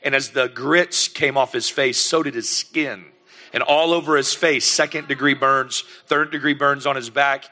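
A middle-aged man, a pastor telling lively family stories in a sermon and acting out the scenes. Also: mid-range voice, moderate pace. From United States. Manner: animated, lively storyteller who acts out scenes. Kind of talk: sermon storytelling.

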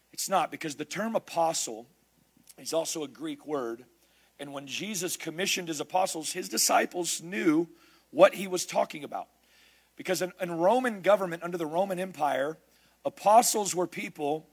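A man preaching a sermon, emphatic, building his lists up to shouts. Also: fairly high pitch, moderate pace, breathy edge.

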